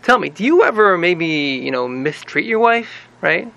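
A man's voice: high-pitched, big pitch swings, moderate pace, creaky, sharp tone, lo-fi sound, exaggerated voice. A man playing a scheming, self-satisfied rabbi who rambles and speaks in a confiding way. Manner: rambling, confiding, pleased with himself. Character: scheming, self-important older male rabbi.

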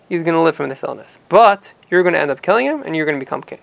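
A man's voice: on the high side, animated, quick pace, creaky, few pauses, fairly bright tone, no room sound, poor audio. A man teaching a scripture passage, reading verses in Ashkenazi-accented Hebrew and then retelling them in plain English. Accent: Ashkenazi Hebrew pronunciation. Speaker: Torah teacher. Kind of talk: explaining a scripture text to a student.

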